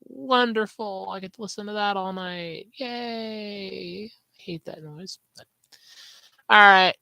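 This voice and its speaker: A woman's voice: medium pitch, fairly even intonation, moderate pace, bright, forceful tone, clean tone, dry recording, rough recording. A woman hosting a solo podcast from home, telling a story in a chatty, sarcastic way. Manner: chatty and sarcastic, with swooping emphasis. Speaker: podcast host.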